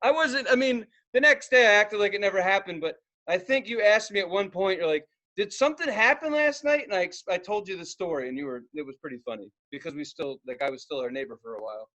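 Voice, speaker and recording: A young man co-hosting a podcast, telling an animated story in casual chat and bursting into loud acted-out outbursts. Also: sits high, fast, few pauses, highs cut off. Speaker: podcast co-host.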